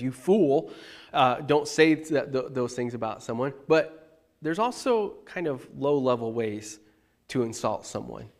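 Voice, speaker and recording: A man, the pastor, giving a conversational sermon, animated and emphatic, talking straight to his congregation. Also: medium pitch.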